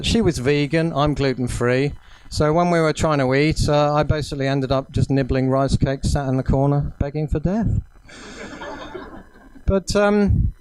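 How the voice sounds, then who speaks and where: A man's voice: on the high side, darkish tone. A man doing a self-deprecating stand-up set, full of ums. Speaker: stand-up comedian. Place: small cafe venue, indoors.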